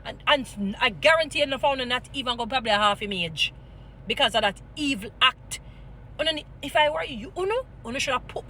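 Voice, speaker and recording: A Jamaican woman holds forth like a street preacher, her bright, forceful voice swinging between scolding and Bible storytelling in a mix of patois and English. Faint traffic hums outdoors behind her. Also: a little high. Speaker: vlogger. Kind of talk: impassioned commentary with Bible stories.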